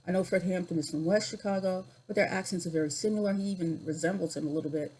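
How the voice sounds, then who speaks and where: A woman in her sixties telling personal stories in a vlog, reflective and unhurried, with pauses and restarts. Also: on the low side, a little mellow, husky, rough recording. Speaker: YouTuber.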